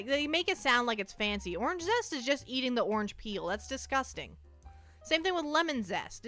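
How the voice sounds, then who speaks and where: Young woman, streamer, chatty and self-mocking, bright smooth voice, soft music behind. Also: high-pitched. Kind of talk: casual livestream chat.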